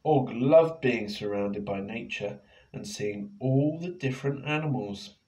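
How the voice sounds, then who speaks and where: A man reading his picture book aloud to children in a playful, expressive way, now and then turning to ask them questions. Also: mid-range voice, a little slow. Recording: echoey room.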